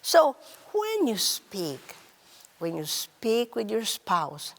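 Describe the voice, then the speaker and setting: A woman gives a slow, deliberate talk on relationships, her voice sitting fairly low. Her pitch swings widely as she stresses words, then sinks to a soft hush on key phrases. A long reverb trails behind her. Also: huge pitch swings, gravelly. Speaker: host.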